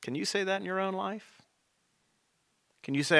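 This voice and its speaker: A man preaching a sermon as rector, telling stories with dramatic pauses. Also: high voice, gravelly, pushed and bright.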